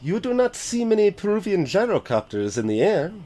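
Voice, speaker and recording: A man's voice: high voice, big pitch swings, fairly quick, dark tone, voice pushed up. A man voicing a polite male valet speaking in a story game, close to his own voice.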